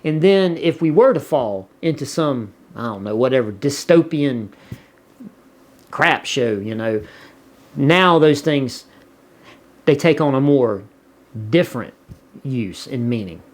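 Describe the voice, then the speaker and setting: A man's voice: medium pitch, lively intonation, takes it slowly, long pauses. A man with a Southern US accent chatting casually as a vlogger, rambling and repeating words as he reads viewer comments. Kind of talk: casual chat.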